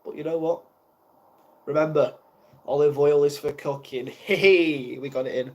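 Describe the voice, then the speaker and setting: A man's voice: on the high side, steady tone, moderate pace. Flustered young man on a live stream. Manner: flustered, rambling, self-mocking. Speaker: ASMR livestreamer. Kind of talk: casual live stream chat.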